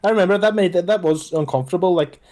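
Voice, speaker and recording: Very fast and high-sitting, the young man's voice carries his animated storytelling as a podcast co-host, where he acts out what others said in casual chat.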